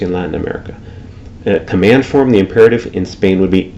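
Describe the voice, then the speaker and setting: A man teaching Spanish dialect differences in a lecture, slowly repeating example phrases. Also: low-pitched, warm tone, lo-fi sound, slight background noise.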